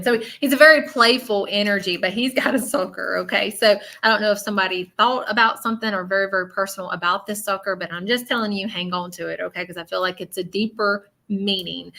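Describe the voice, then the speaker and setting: A woman's voice: medium pitch, steady tone, quick pace, vocal fry, few pauses, sharp tone. A woman with a Southern accent hosting a live psychic reading, chatty and blunt with many fillers. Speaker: spiritual medium.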